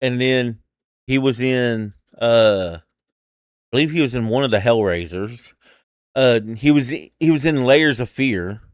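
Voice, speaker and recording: A man chatting casually on a podcast, starting and restarting his sentences as he goes. His voice is smooth and resonant. The sound is dry and close. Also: mid-range voice, a little slow, no echo. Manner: hesitant, many restarts and fillers. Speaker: podcast co-host. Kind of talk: casual chat.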